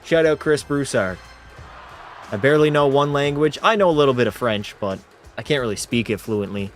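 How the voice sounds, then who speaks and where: A man's voice: mid-range voice, quick pace, faint music behind. A man hosting a livestream watch party, giving casual commentary and joking, swearing, and bantering with his chat. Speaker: livestream host.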